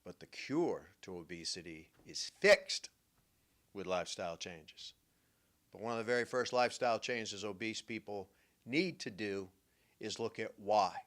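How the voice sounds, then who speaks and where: Older New man, talk-show host, punchy storytelling that drops quiet then booms. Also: unhurried. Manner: emphatic storytelling, swings from hushed to loud. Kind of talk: radio-style talk monologue.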